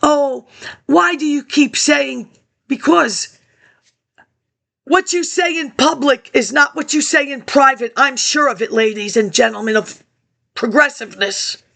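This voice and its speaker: A woman's voice: high voice, takes it slowly, vocal fry, sharp tone. A woman rambling through old archive documents in a scattered monologue, answering herself in asides. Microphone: laptop webcam.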